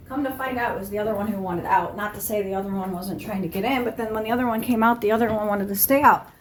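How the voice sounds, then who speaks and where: A woman speaks to the camera in a channeled monologue, her voice sitting at an ordinary middle pitch. She is blunt and openly irritated, and profanity runs through almost every sentence. A faint ambient hum sits under her voice. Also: quick pace. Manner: blunt, irritated, heavy swearing. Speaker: tarot channeler.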